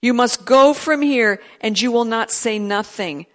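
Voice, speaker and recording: A woman preaching a sermon in an earnest, emphatic way, her voice pitched a little high. She restarts her sentences often and pushes her delivery harder as she goes. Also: unhurried, fairly bright tone. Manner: earnest, emphatic preaching with rising intensity on quoted prophecy; frequent restarts and fillers. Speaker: pastor.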